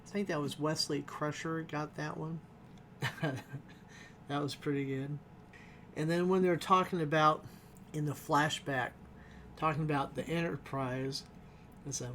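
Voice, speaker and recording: A man talks through a TV episode in a loose, rambling review and chuckles often. His voice sits a little high for a man. A faint hiss runs under the recording. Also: steady tone, measured pace, pauses often, a bit bright. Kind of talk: casual spoken review.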